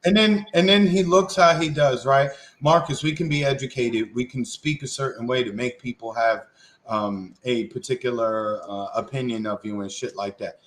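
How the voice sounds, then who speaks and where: A man from Queens, co-hosting a political podcast in a blunt, profane, animated way. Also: mid-range voice, moderate pace, rough recording. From Queens, New York. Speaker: co-host. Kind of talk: casual political podcast chat.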